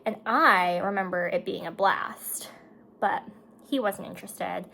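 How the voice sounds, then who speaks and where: Woman vlogger, gravelly voice, chatty and emotional, makeup chat, faint hiss. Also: medium pitch, unhurried, sharp tone, poor audio. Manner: chatty, emotional, tearful at times. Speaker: beauty vlogger and mother. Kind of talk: casual chat while doing makeup.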